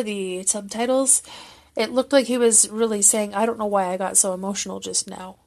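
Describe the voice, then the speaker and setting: A woman talking casually and earnestly, recapping a moment that moved her, thinking aloud with fillers and restarts. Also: fairly high pitch. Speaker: fan commentator.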